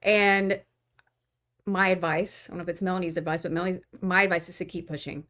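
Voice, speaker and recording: A woman's voice: fairly low pitch, level tone, brisk, fairly bright tone. A woman with a Texas twang, co-hosting a podcast in casual chat. She speaks in an earnest, encouraging way. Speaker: podcast co-host.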